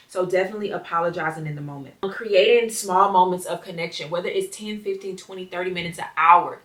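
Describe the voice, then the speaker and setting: A woman's voice: lowish voice, a bit bright. A young adult woman hosting her podcast, talking earnestly and reflectively to her listeners in a casual solo chat. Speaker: podcast host. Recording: roomy sound, a bit distant from the mic.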